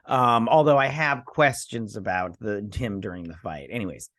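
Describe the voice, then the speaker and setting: A man's voice: on the low side, moderate pace, a bit bright. A man hosting a casual episode recap and review, rambling with lots of fillers as he paraphrases the characters. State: sleepy, yawning. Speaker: host.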